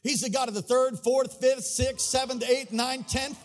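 A man's voice: very high-pitched, fairly even intonation, moderate pace, soft background music. A man preaching a sermon to his congregation in a church, with a fervent, sing-song cadence and repeated phrases. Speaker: pastor. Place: church sanctuary. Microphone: handheld or stage mic.

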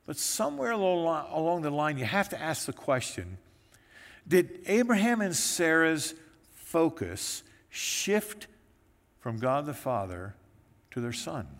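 A male pastor preaching a sermon, telling the story in a lively way and briefly acting out the voices of the people in it. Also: on the high side, a little slow. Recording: echoey hall with long reverb.

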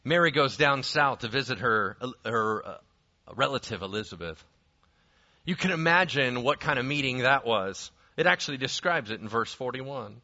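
A pastor preaching a sermon, telling the story in an animated way that swings from hushed asides to shouts. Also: male voice, medium pitch, normal speed, muffled recording.

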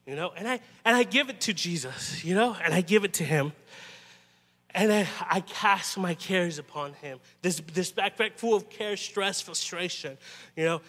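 A man preaching a sermon in a conversational, halting way, often restarting and adding "you know". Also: high voice, fairly bright tone, in a large hall. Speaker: pastor.

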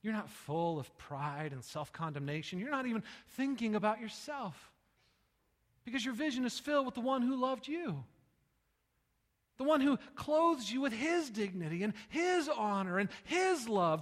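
A man preaching a sermon with passion, swinging between hushed lines and loud ones and often repeating his words. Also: extremely high pitch, animated, moderate pace. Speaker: pastor. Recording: long reverb of a large hall.

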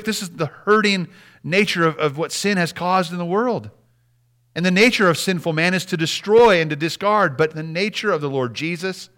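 Pastor, male, middle-aged, higher-pitched voice, lively preaching with hushed drops. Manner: animated preaching, dropping to soft near-whispers for emphasis. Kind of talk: sermon.

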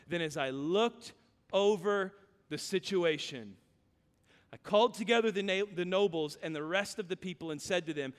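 A man from Louisiana preaching a sermon, telling stories and swinging between loud urgent calls and hushed, low passages. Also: a little fast. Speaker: pastor. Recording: long hall reverb.

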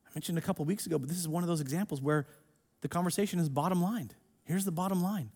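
A man preaching a sermon in a church, emphatic and swinging between hushed and loud. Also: a little high, lively intonation, fast, breathy edge. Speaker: pastor. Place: church sanctuary, streamed online.

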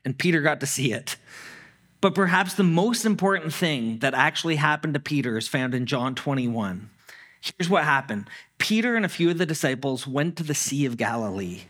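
A man's voice: fairly high pitch, fairly bright tone, breathy edge. Conversational male pastor telling a story. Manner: conversational, acts out quoted lines. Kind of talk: sermon storytelling.

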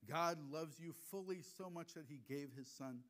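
A man preaching a conversational sermon with personal stories, animated and acting out little dialogues, then going soft and hushed when he is moved. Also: a little high, moderate pace. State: emotional. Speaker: preacher, hospice chaplain. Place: church gathering.

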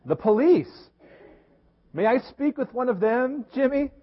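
A man's voice: very high-pitched, lively intonation, measured pace, highs cut off, voice pushed up, full character voice. A man doing a pushy male telemarketer. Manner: insistent questioning. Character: persistent adult male telemarketer.

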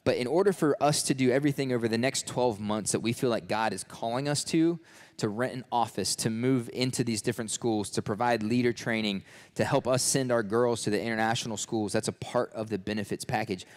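A man's voice: medium pitch, brisk. A man who leads a ministry, giving a sermon and a fundraising appeal in an earnest, casual way, with frequent restarts. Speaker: ministry leader.

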